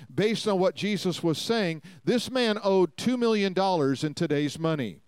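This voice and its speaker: High-voiced man preaching, clear and dry. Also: a little mellow, no echo. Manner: reads scripture aloud and expounds with emphatic repetition. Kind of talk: sermon.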